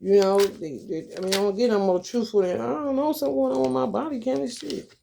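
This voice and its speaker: Blunt, foul-mouthed woman with a high voice. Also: fairly even intonation, fast talker, vocal fry, warm tone, a little hiss or hum. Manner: blunt, profane, rambling, calls listeners honey. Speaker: tarot reader. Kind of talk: casual advice monologue.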